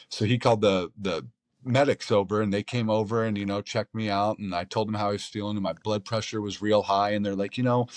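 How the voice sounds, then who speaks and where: A man's voice: lowish voice, no room sound. A middle-aged American man, a pro golfer, telling a long story in a casual interview, rambling and quoting his own thoughts with many restarts. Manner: rambling, animated retelling with restarts and quoted inner speech.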